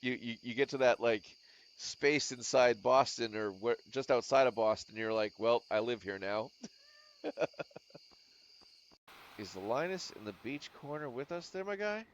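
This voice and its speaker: A man's voice: mid-range voice, lively intonation, measured pace, lo-fi sound. A man streaming games, giving casual commentary and joking, swearing and muttering as he plays. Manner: joking, swears freely, hums and mutters while playing.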